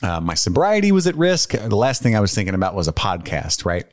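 A podcast co-host reads listener emails aloud and chats in a laid-back way, swearing easily and turning sincere and earnest when speaking from the heart. His lowish voice is very animated and quick, recorded in a clean studio with no echo.

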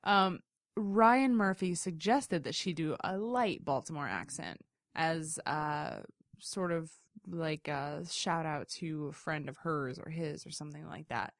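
A woman's voice: sits low, animated, a little slow, dry recording, studio quality. A woman co-hosting a podcast in casual, chatty conversation, laughing easily. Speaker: podcast co-host. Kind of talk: casual chat.

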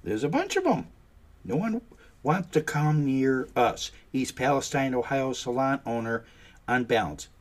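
A man's voice: medium pitch, big pitch swings, measured pace. A man giving ranting commentary in a sarcastic, mocking manner.

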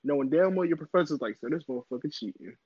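A young man in casual chat who jokes and mimics people with sudden high squeals. His voice is husky and rather high, with a lively, wide pitch. The sound is dry and dull, with a muffled top end. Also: fast, no echo. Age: young adult.

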